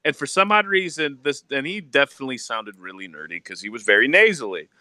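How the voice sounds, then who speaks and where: A man co-hosting a casual gaming chat, telling animated stories and mimicking yelling kids. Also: mid-range voice, fast, dry recording. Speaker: co-host.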